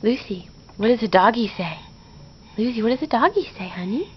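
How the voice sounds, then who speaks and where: A woman coaxing a toddler in slow, sing-song baby talk at home. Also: a little high, expressive, slightly rough. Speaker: parent talking to a toddler. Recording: dull lo-fi home video.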